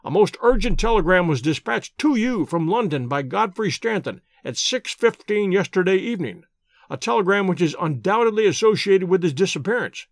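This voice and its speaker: Man playing a wry, measured detective. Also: sits high, animated, no room sound, clean studio sound. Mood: pressing. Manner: measured, courteous, gently ironic. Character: shrewd, calm male detective, dry and wry.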